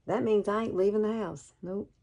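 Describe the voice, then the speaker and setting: A woman's voice: medium pitch, fairly even intonation, normal speed, mellow. A woman in her fifties from Alabama with a Southern accent, chatting folksily through a makeup tutorial and calling the viewer girl. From Alabama, USA. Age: 50s. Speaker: beauty vlogger.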